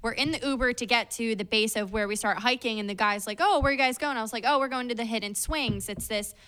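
A woman chatting casually on a podcast, talkative and quick to laugh, swearing now and then. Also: on the high side, steady tone, a bit bright, clean tone. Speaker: podcast guest. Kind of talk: casual chat.

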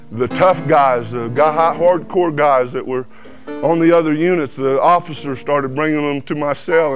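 A man giving a folksy personal testimony, acting out the voices of people in his story. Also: medium pitch. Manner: animated storyteller who acts out quoted dialogue. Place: truck cab.

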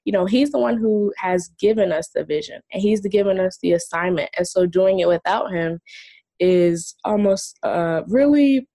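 A woman's voice: medium pitch, moderate pace. A woman speaking as a faith-based branding coach in a casual interview, telling stories and acting out little voiced asides. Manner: animated storytelling with voiced asides.

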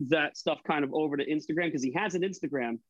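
On a casual podcast, a guest who makes online cooking videos chats about them, swearing freely and leaning on hesitant fillers. His voice runs a little high and he talks fast. The recording is dry and lo-fi.

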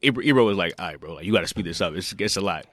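A young man chatting casually as a podcast co-host, telling stories in a relaxed way. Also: low voice, very fast, no room sound.

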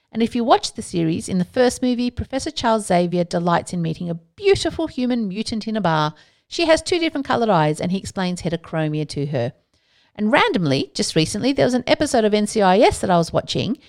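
A woman hosting a solo podcast, talking casually with playful asides and self-mocking jokes. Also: mid-range voice. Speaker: podcast host.

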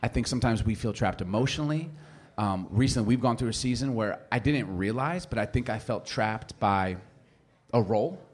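In a sermon, a man in his forties, a pastor, recounts a family story as a lively storyteller, performing the voices of family members. He speaks a little fast at a medium pitch.

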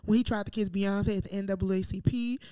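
A woman co-hosting a casual chat show, animated and sassy with quick comebacks. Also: mid-range voice, clean tone, no room sound. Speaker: podcast co-host.

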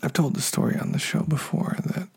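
A man hosting a podcast alone, talking unscripted in a low-key way, often correcting himself and sounding a little frustrated. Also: steady tone, fairly quick, vocal fry, husky. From United States. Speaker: podcast host. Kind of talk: solo podcast monologue.

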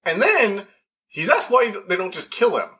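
A man talking casually and excitedly as a podcast reviewer, rambling with lots of fillers and restarts. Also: high-pitched, moderate pace.

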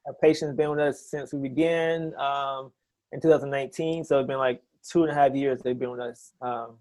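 A man's voice: mid-range voice, fairly even intonation, darkish tone. A man who works as a chiropractor, talking eagerly in a casual interview, often restarting his sentences. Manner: enthusiastic, talks in quick bursts with many restarts.

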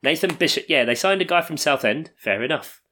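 A man's voice: a little high, animated, fairly quick, bright, forceful tone, a little hiss or hum. A man co-hosting a casual football podcast, joking and wry as he chats. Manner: jokey, wry, playful. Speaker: podcast co-host.

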